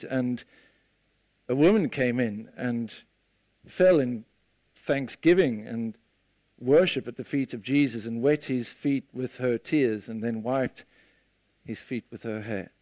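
A man preaching a sermon, retelling a scene with lively storytelling and acting out the voices of the people in it. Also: mid-range voice, no room sound, muffled recording. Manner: animated storytelling, acts out the disciples' voices.

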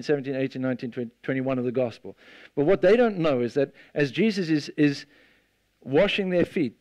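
Animated male preacher telling a story. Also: a little high, dry recording. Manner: animated storytelling, acts out the disciples' voices. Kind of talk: sermon.

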